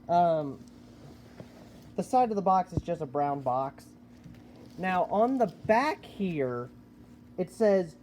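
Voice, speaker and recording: A man giving a casual product review of a collectible animatronic, unhurried and hesitant, with many filler words. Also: a little high, animated, noisy background.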